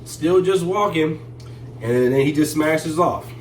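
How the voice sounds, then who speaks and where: A man casually telling a story, animated and full of fillers and restarts. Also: on the high side, takes it slowly, reverberant, far from the mic, a little hiss or hum, low-quality recording. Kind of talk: casual story time chat.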